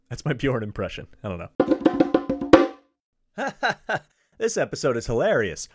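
Lively, rambling male podcast host. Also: medium pitch, normal speed, long pauses, faint music behind. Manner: rambling, jokey, goes off on tangents. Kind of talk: solo podcast monologue.

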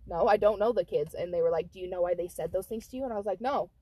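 A woman with a fairly low voice talks quickly on a dry recording as she co-hosts a casual podcast. Her story is full of profanity, and she brings the quoted lines to life with animated delivery.

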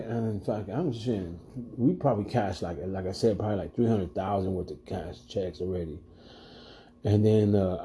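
Middle-aged man, casual storyteller, heavy slang and swearing, mellow dark tone. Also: fairly low pitch. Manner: profane, slangy, laughing.

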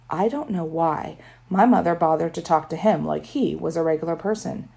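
A woman's voice: deep voice, moderate pace, vocal fry, warm tone. A woman narrating a children's story in first person with a wry tone. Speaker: audiobook narrator.

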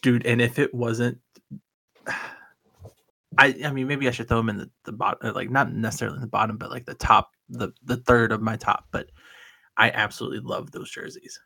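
A man's voice: mid-range voice, fairly even intonation, moderate pace, vocal fry, sharp tone. A man co-hosting a casual sports chat, rambling and enthusiastic with lots of stammered restarts. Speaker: podcast co-host.

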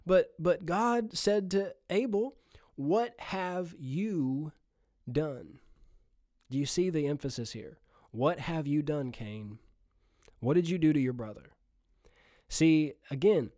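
A man's voice: on the high side, a little mellow, no room sound, studio quality. A man preaching a sermon in an earnest, conversational way, often chuckling as he speaks.

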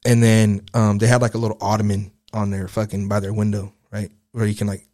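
A man's voice: lowish voice, little pitch movement, fairly quick, darkish tone. A young man telling a personal story in a casual podcast chat, rambling and profane, full of filler words. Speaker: guest.

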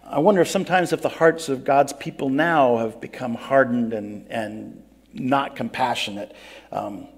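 A man's voice: mid-range voice, moderate pace, husky. An actor playing a grumpy biblical prophet who complains a lot, telling his own story in first person in an interview, plain-spoken and earnest. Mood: storytelling. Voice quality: earnest, plain-spoken, breaks into pleading outbursts. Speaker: interviewee in character.

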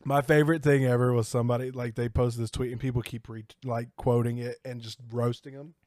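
A man's voice: medium pitch, flat delivery, a little fast, darkish tone, dry recording, clean studio sound. Rambling, swearing male podcast host. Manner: rambling storyteller, swears freely. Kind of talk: casual chat.

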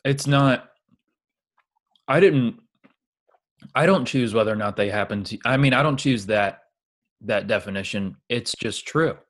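A man's voice: mid-range voice, a little slow, pauses often. A man co-hosting a podcast, casually chatting with a playful, teasing manner and frequent laughter. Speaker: podcast co-host. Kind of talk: casual chat.

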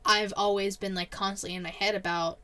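A woman's voice: mid-range voice, little pitch movement, brisk, bright, forceful tone, smooth. A woman podcaster chatting casually, using slang and swearing.

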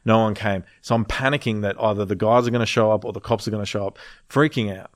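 Male storyteller, low-pitched, animated and profane, casual podcast chat. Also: fast, no room sound, clean studio sound. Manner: animated, swearing, laughing through the story.

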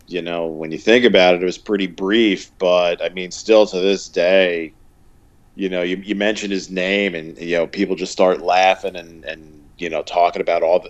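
A man's voice: low-pitched, fairly even intonation, normal speed, lo-fi sound. A man co-hosting a podcast, telling stories in a loose, rambling way full of fillers. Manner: rambling, filler-heavy storytelling with quoted impressions. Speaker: podcast co-host. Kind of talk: casual chat.

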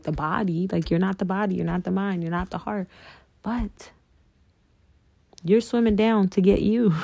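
Woman, gravelly low voice, casual spiritual talk, earnest, swears freely, dry close sound. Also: mellow, dry recording. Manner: earnest, profane, addresses listeners as y'all. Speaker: podcast host.

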